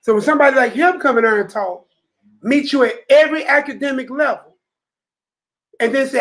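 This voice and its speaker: A man leads a Bible study with an emphatic preaching delivery, his voice sitting notably high. He keeps checking in with the listeners around him. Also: brisk, long pauses, fairly bright tone, rough recording. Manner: emphatic, repeats "you know what I'm saying". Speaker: teacher leading a Bible study. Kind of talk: preaching to a room of brothers.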